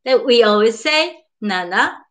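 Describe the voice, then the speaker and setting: An older woman speaks in careful, slow English with a Japanese accent. Her voice sits at an ordinary pitch. She repeats each word patiently for her beginner students. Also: animated. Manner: slow and patient, repeats words, laughs often, greets viewers. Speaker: Japanese teacher. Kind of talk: live-streamed beginner language lesson.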